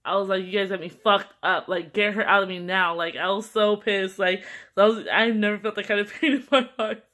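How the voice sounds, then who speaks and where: A young woman in her twenties talks straight to the camera in a relaxed storytime chat. Her voice is bright and clear, sitting at an ordinary pitch. She is candid and animated, peppering her talk with "like" and the odd curse. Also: brisk. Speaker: vlogger.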